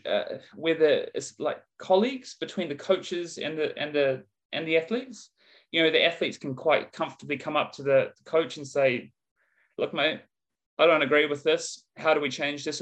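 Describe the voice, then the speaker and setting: A man, a strength coach chatting on a podcast in a relaxed, rambling way. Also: on the high side, rough recording. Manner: relaxed, chatty, lots of fillers and "mate". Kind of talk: casual podcast conversation.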